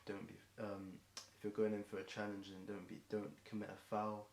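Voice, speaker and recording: A young Englishman, a streamer in the middle of a marathon song, freestyles rhymes in a low, flat voice at normal speed. He rambles and corrects himself, full of ums and restarts, and his voice is growing hoarse and worn. A faint hiss sits behind him in an echoey room.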